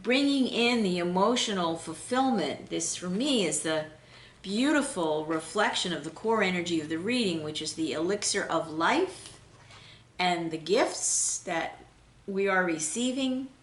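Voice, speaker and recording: A woman giving an unscripted spiritual tarot reading in a gentle, flowing way, pausing with fillers and restarts. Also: fairly low pitch, animated, reverberant. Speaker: intuitive tarot reader.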